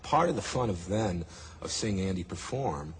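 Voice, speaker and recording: Low-voiced man telling a story. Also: normal speed, faint music behind. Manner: animated storyteller, acts out audience reactions. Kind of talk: documentary interview.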